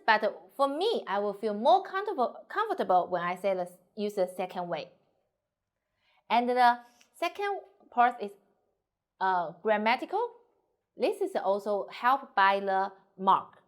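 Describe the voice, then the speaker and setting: A woman's voice: mid-range voice, very animated, moderate pace. Woman teaching mandarin, english isnt her first language, keeps saying example sentences in chinese, voice jumps around a lot. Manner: explains in simple non-native English, demonstrates sentences in Mandarin. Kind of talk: language lesson.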